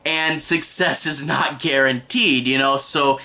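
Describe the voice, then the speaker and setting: A man's voice: medium pitch, steady tone, measured pace, pushed and bright. A young man giving a casual, rambling spoken review of a TV episode. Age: young adult. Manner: rambling, conversational, with frequent restarts.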